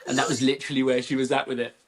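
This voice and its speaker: A man's voice: medium pitch, little pitch movement, rapid-fire. A man in his thirties, a podcast guest and content creator, telling stories in a loose, rambling way with lots of "like" and restarts. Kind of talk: casual conversational storytelling.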